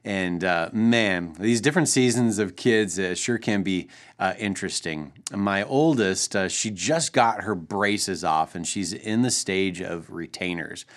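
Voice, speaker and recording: A man in his thirties, a pastor, telling a family story in an earnest, gentle way for a short devotional. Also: low-pitched, unhurried, hardly any pauses.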